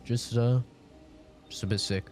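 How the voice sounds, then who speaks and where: A man's voice: medium pitch, fairly even intonation, a little slow, a little mellow, faint music behind. A sick young man with a nasal voice, chatting casually with his live-stream audience in a rambling, laid-back way.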